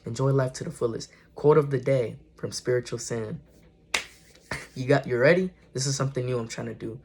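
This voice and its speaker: A man's voice: mid-range voice, brisk, creaky, background noise. A young man vlogging casual spiritual encouragement, earnest and slangy, often repeating and correcting himself. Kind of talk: casual motivational talk to camera.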